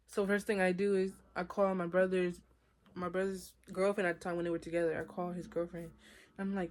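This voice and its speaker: A woman's voice: lowish voice, flat delivery, brisk. A young woman telling her own story to her viewers in a casual, chatty storytime vlog, often talking to them directly. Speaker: vlogger.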